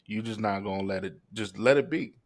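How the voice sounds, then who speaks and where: Low voice guy hosting a podcast, playful, keeps flubbing his intro on purpose. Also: fairly quick. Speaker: podcast host. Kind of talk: casual banter. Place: indoor recording set.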